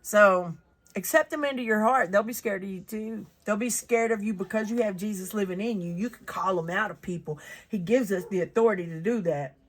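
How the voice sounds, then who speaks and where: A woman's voice: medium pitch, a little fast. A woman, reading the Bible aloud and reflecting on it in a chatty, earnest way with many fillers.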